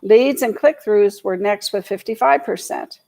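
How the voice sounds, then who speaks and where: A woman's voice: mid-range voice, a little slow, vocal fry, a little mellow, rough recording. A woman teaching an online class on a video call, reading statistics from her slides and adding casual asides. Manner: reads statistics aloud, then adds casual asides. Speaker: video marketing instructor for real estate agents.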